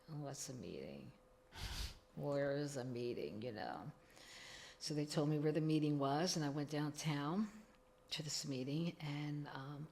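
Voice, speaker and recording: A middle-aged woman, telling her own recovery story as a podcast guest, acting out the dialogue she quotes. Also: low-pitched.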